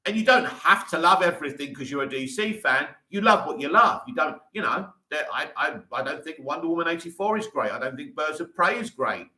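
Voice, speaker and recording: Bright-voiced man, echoey room. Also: on the high side, lively intonation, brisk, hardly any pauses. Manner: enthusiastic, talks in restarts and asides. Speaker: livestream host reading viewer comments. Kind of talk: casual live chat.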